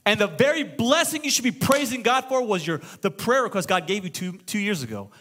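A middle-aged man preaching a sermon as pastor, moving between loud exclamations and hushed storytelling. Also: sits high, very animated, a little fast. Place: church auditorium.

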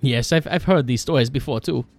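A man's voice: medium pitch, normal speed, close to an everyday voice. A man voicing a blunt, jovial man who speaks clipped, broken English. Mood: teasing.

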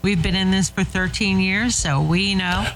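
A woman's voice: mid-range voice, steady tone, moderate pace, a bit bright, a little hiss or hum, low-quality recording. A woman co-hosting a talk show, speaking conversationally and chiming in with questions. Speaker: co-host. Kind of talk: casual chat.

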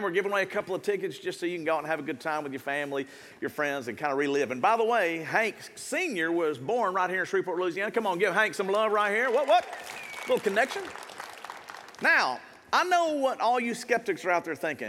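A middle-aged man, preaching a jokey, animated sermon as a pastor. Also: sits high, a little hiss or hum. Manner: animated, jokey, hypes the crowd. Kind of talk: lively sermon. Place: church auditorium.

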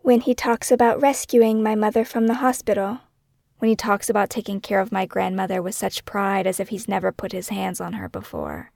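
Gravelly-voiced woman narrating true crime. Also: mid-range voice, lively intonation, a little mellow, no room sound, studio quality. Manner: measured, brooding, asks many questions. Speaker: podcast host and narrator.

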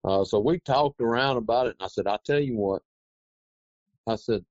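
A man's voice: mid-range voice, moderate pace, dry recording. A man, telling a rambling, folksy story as an interview guest. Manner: rambling, folksy, animated retelling. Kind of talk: casual anecdotal storytelling. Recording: dry, dull lo-fi recording.

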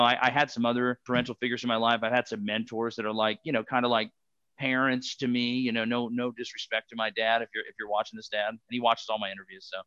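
A man with a bright, forward voice rambles through stories as a podcast guest, scattering fillers as he goes. The sound is dry and a little dull, like a lo-fi remote mic. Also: medium pitch, clear, resonant tone, no room sound. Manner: rambling, filler-heavy storytelling. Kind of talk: casual podcast chat.

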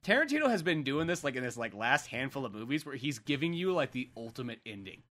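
A man's voice: mid-range voice, big pitch swings, fast, fairly bright tone. A man chatting casually and profanely about a film, rambling with lots of fillers.

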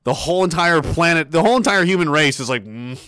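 Brief: man, sarcastic commentary host, fairly high and lively voice, dry sound. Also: fast talker, no echo. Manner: sarcastic, animated, laughs often.

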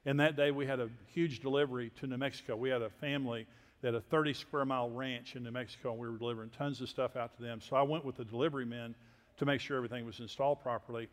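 An older man from Texas, a preacher telling personal stories in a sermon with folksy, self-deprecating humor and quiet asides. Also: mid-range voice, fairly even intonation, very fast. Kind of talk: sermon storytelling. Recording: long hall reverb.

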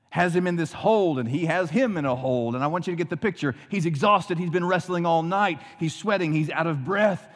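Man, pastor, sermon, dramatic hushed drops, long hall reverb. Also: a little high, a little fast, few pauses.

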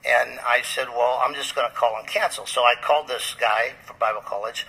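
A man's voice: mid-range voice, steady tone, fairly quick, vocal fry, pushed and bright, husky, rough recording. A man, a pastor, telling a long story in a rambling way with many fillers and restarts. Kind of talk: storytelling in a podcast interview.

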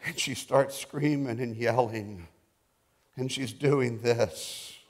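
A middle-aged male pastor preaching a sermon, telling a testimony softly and rising to loud, impassioned declarations. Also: mid-range voice, slow. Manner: quiet storytelling building to loud, impassioned declarations.

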